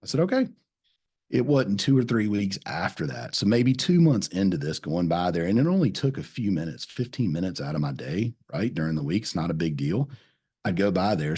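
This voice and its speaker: Low husky-voiced man telling sales stories. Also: a little mellow. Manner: folksy salesman storytelling, repeats phrases, says "man". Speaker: podcast host. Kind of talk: casual storytelling chat.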